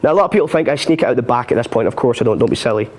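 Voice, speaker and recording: Give me a man hosting a live magic lesson, chatty and self-deprecating, laughing between explanations, at an average pitch. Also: animated, very fast. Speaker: magic instructor. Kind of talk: live-streamed magic tutorial.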